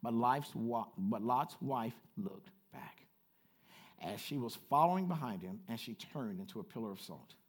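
A man preaching a sermon as pastor, swinging from quiet asides to loud repeated calls and chatting with the congregation. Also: mid-range voice, animated, moderate pace. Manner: chatty with the congregation, laughs at himself. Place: church.

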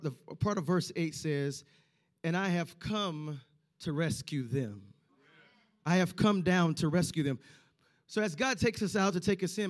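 A man preaching a sermon, stressing points by repeating lines and acting out quoted voices. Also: on the high side.

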